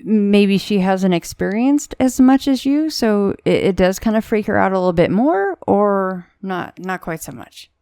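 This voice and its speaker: A woman's voice: mid-range voice, animated, measured pace, few pauses, dark tone, clear, resonant tone, no echo, studio quality. A woman hosting a podcast, chatting casually with a guest, reassuring and full of fillers. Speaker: podcast host. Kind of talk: casual interview chat.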